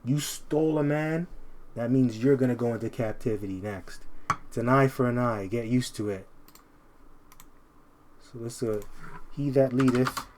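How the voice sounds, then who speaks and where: A man preaching informally, emphatic and repetitive, often ending phrases with "man" and slowing down to read verses aloud. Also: medium pitch, a little mellow.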